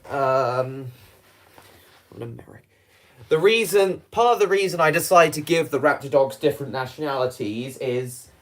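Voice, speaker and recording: A man talks casually at an ordinary middle pitch, stopping and restarting his sentences, often filling gaps with "um" and "uh". His voice bounces around a room with a noticeable echo. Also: expressive, moderate pace. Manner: rambling, hesitant, many fillers and restarts. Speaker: vlogger. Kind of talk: casual chat. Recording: roomy echo.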